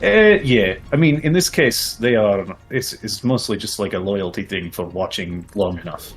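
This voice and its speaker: A man's voice: on the low side, expressive, moderate pace, breathy edge. A male streamer chatting while he plays, putting on a fake Russian accent and dropping his articles. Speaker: streamer and host. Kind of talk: casual gaming livestream chat.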